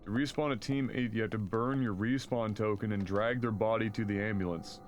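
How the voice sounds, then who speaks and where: A man streams a co-op game, chatting casually, cracking jokes, swearing, and reading news aloud with lots of fillers. His voice is fairly low with fairly even intonation, a little fast, over slight background noise.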